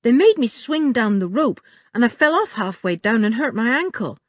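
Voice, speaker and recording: A woman's voice: a little high, very animated, moderate pace, no echo, voice pushed up. A woman reading an audiobook, voicing a plucky young boy with an injured ankle who tells his story earnestly.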